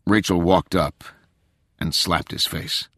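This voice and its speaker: Low, expressive male audiobook narrator, dramatic thriller reading, dry close sound. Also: slow, no room sound. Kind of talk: scripted narration.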